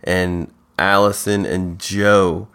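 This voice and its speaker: A man with a fairly low voice chats casually as a podcast co-host, walking through a TV episode. He sounds laid-back and playful, tossing in goofy character voices along the way. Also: little pitch movement, slow pace, a bit bright, smooth. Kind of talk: casual TV recap chat.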